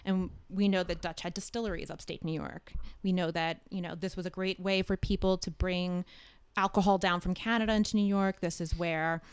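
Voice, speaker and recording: Woman host with a smooth, clear voice. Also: lowish voice, fairly even intonation, fairly quick, dry recording. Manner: explanatory, chatty with laughs. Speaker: podcast host. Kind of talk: casual podcast chat.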